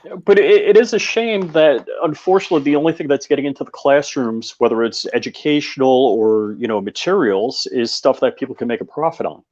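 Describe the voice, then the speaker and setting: A man's voice: mid-range voice, fairly quick, hardly any pauses, darkish tone, muffled recording. A man chatting as a guest, telling anecdotes with many fillers. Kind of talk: casual chat.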